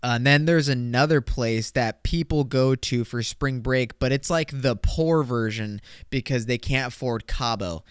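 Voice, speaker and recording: A young man hosting a casual solo podcast. His joking, rambling talk jumps between loud bursts and mumbled asides. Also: mid-range voice, a little slow, few pauses, clear, resonant tone, dry recording, clean studio sound. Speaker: podcast host.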